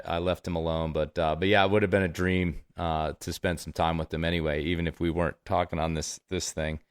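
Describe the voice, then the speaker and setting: A man hosting a podcast in casual conversation, speaking haltingly and restarting his sentences. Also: low-pitched, smooth. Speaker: podcast host.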